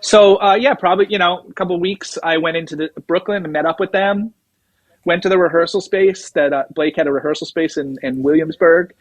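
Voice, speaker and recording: A man's voice: fairly high pitch, fairly quick, dry recording, rough recording. A middle-aged man, a drummer guest, telling a rambling story and acting out what others said. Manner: rambling anecdotes, acts out quoted dialogue. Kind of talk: casual storytelling interview.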